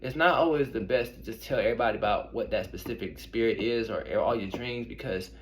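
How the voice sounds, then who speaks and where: A man's voice: fairly low pitch, fast talker. A young man, an intuitive reader, casually telling personal stories to his viewers in a rambling, conversational way. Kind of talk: casual storytelling to camera.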